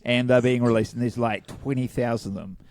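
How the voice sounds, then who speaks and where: A man's voice: mid-range voice, steady tone, a little fast, a little mellow, no echo. A man co-hosting a casual podcast, hungover, rambling and self-deprecating, laughing often. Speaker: podcast co-host. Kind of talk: casual chat.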